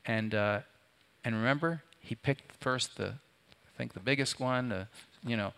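A pastor delivers a sermon to his congregation, his voice bright and ringing. He keeps turning to his listeners with rhetorical questions, and his pitch sits in the middle range for a man. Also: a little slow, creaky, clean tone. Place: before a live congregation.

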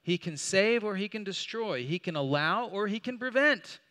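High bright-voiced man teaching scripture. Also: expressive, normal speed. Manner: conversational, asks rhetorical questions, restarts while looking up verses. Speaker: Bible teacher. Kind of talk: Bible study teaching. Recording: long hall reverb.

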